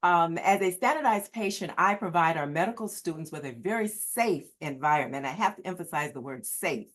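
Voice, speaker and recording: A woman's voice: fairly low pitch, expressive, fairly quick. A woman gives an earnest prepared talk to new students. She stresses key words and repeats them for emphasis. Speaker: standardized patient. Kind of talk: prepared presentation.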